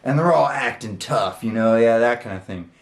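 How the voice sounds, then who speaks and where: A man's voice: mid-range voice, normal speed, reverberant. A man hosting his channel, telling a story in a casual, rambling way, with lots of fillers and the odd swear word. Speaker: channel host. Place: his room.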